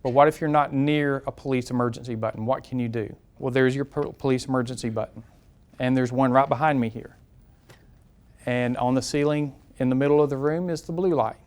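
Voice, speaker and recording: A man's voice: mid-range voice, fairly even intonation, brisk, darkish tone. A man with a Southern US accent, a campus police safety trainer speaking directly and conversationally to a classroom at a live seminar, repeating key points and asking the audience questions. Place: classroom lecture room.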